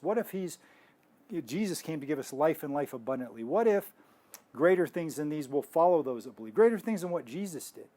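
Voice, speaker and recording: A man's voice: a little high, mellow. A man teaching in a casual faith talk, rambling with restarts and telling stories. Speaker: health ministry teacher.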